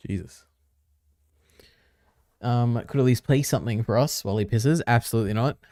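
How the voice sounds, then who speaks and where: A man's voice: medium pitch, normal speed, dark tone, no room sound, studio quality. A man streaming casually, reading on-screen text aloud, trailing off and muttering to himself. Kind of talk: casual live-stream commentary.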